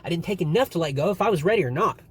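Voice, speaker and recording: A young man vlogs to camera, spinning a rambling, animated story laced with heavy swearing. His voice sits fairly high, comes out rapid-fire, and has a slightly rough texture.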